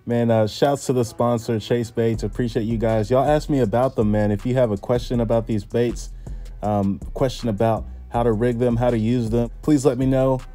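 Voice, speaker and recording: A man talks excitedly to his viewers while out fishing by a pond. His voice sits at an ordinary middle pitch, picked up by a camera mic in the open air. Faint music plays behind him. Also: normal speed. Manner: excitable, chatty, addresses viewers as y'all. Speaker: fishing vlogger. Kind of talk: casual outdoor vlog. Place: outdoors by a pond.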